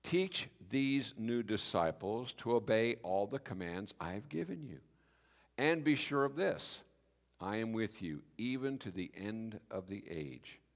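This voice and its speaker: A man preaching a sermon as pastor, telling the story with lively acted-out dialogue. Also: fairly low pitch, unhurried. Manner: animated storytelling, acting out biblical speakers in voice. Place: church sanctuary. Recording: reverberant church hall.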